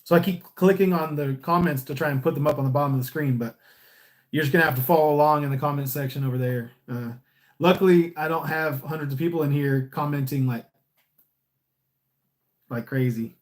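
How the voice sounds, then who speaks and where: A Californian man talks loosely through a live stream, answering viewer comments as he goes. His delivery is smiley and easygoing, wandering through restarts. His voice sits a little higher than most men's. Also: a little fast. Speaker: repo agent and YouTuber. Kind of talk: casual live-stream chat reading comments.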